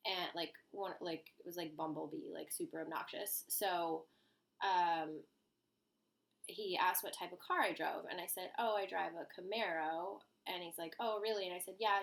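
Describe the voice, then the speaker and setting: A young woman telling a story to the camera in a chatty, amused way, full of fillers and asides. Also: lowish voice. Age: young adult.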